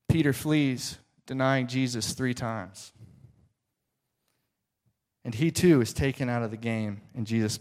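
A male preacher telling a story in a dramatic sermon, often dropping to soft, hushed tones. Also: mid-range voice.

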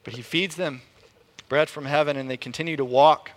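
A man preaching a sermon in an animated way, often repeating words as he restarts a thought. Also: fairly quick. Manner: animated, rises in pitch and volume to act out quotes.

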